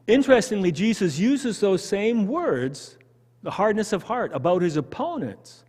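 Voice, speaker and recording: Animated Canadian man teaching Bible study. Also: high voice, a little slow, pauses often, breathy edge, in a large hall. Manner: animated, conversational, asks the group questions. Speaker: pastor leading Bible study. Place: church hall.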